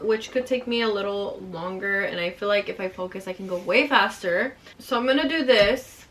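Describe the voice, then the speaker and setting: A woman's voice: medium pitch, a bit bright. A young woman casually telling a scary story while doing her nails, with lots of "like" fillers. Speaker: storytime vlogger. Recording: distant mic with music bed.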